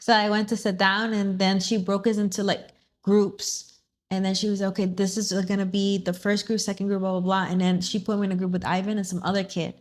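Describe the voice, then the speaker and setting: A young woman in her twenties chatting casually, telling a story with lively acted-out quotes and bits of Spanish. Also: mid-range voice, brisk. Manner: animated storyteller, acts out quotes, mixes in Spanish phrases. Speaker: vlog host.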